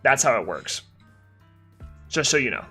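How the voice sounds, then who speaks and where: A man's voice: mid-range voice, sing-song, unhurried, sharp tone, breathy edge, faint music behind. A young man live-streaming a game, tired and yawning, chatting casually and answering chat while he plays.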